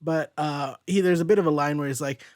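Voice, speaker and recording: Guy with a slightly high voice hosting a comic review chat, rambly, dry close sound. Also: brisk, a little mellow, dry recording. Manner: rambling, thinking aloud. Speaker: host.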